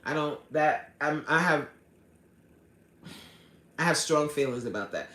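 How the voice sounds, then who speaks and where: A man's voice: fairly high pitch, unhurried, long pauses, sharp tone, reverberant. A man hosting a live stream as a fitness coach, chatting casually and earnestly, reading viewer comments aloud and often apologizing. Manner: earnest and heartfelt, apologizes often, frequent restarts. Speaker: fitness coach and livestream host.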